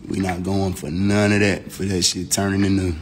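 Low-voiced man mocking on a noisy livestream. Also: level tone, normal speed. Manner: mocking, slangy, repeats phrases. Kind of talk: heated live-stream argument. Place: home indoors. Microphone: phone live stream. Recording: noisy phone live stream.

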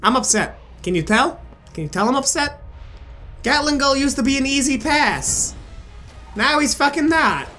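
A man commentating his own gameplay, frustrated and swearing, with sudden yelling outbursts. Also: very high voice, animated, normal speed. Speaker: gaming video creator. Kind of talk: casual let's play commentary. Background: game music.

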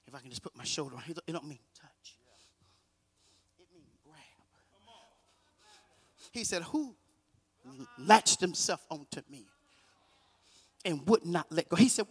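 High, bright-voiced man preaching a sermon. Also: long reverb tail. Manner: call-and-response preaching, shouting and half-singing. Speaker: guest preacher. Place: church sanctuary.

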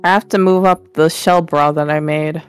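Laid-back woman artist, low voice. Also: moderate pace, soft background music. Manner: relaxed, laughs easily, trails off mid-sentence. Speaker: artist guest streamer. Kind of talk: casual chat.

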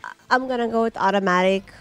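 A woman giving excited, chatty commentary while playing an arcade game, with squeals and laughs. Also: mid-range voice, fast talker, smooth, faint music behind. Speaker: gaming streamer.

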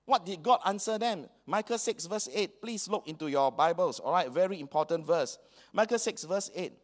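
A man's voice: high voice, animated, moderate pace. A man with a Singaporean English accent preaching a sermon in a church hall, slipping colloquial local phrases into his talk. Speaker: pastor.

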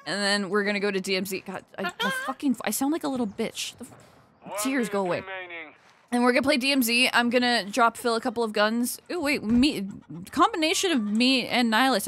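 A young adult woman streaming a shooter game, chatting with viewers, swearing freely and reacting loudly to tips. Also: fairly high pitch. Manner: excitable, swears a lot, reacts loudly to donations. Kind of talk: live gaming stream chat and commentary. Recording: noisy home stream recording with keyboard clicks.

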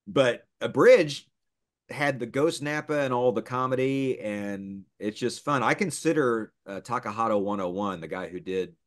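A middle-aged man, a voice actor, chatting casually in an interview and telling lively stories. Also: mid-range voice, normal speed. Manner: animated storyteller, slips into character voices. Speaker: voice actor guest.

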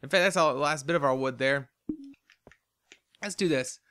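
A man's voice: fairly high pitch, normal speed, a bit bright, clear, resonant tone. A tired man hosting a game let's play, rambling chattily to himself in casual commentary as he plays. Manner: rambling, chatty, talks to himself while playing. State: tired and yawning.

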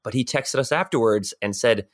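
A man's voice: mid-range voice, moderate pace. A man as a guest on a podcast, chatting casually and rambling with many restarts and repeated words. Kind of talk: casual interview chat.

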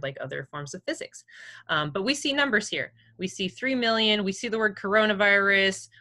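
A woman's voice: deep voice, pushed and bright. A woman teaching a class over a video call, casual and chatty, with many fillers and easy laughs. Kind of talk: online class lecture.

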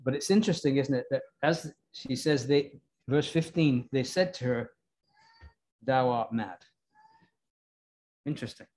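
A man's voice: medium pitch, brisk, darkish tone. A man preaching a Bible sermon in a chatty way, often asking his listeners questions. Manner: conversational, asks the congregation questions. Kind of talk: expository sermon.

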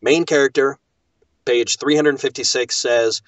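A man who narrates audiobooks, speaking as a podcast guest in an animated, emphatic way. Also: mid-range voice, measured pace, no echo, distant mic. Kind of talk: casual chat. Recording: dull lo-fi dry recording.

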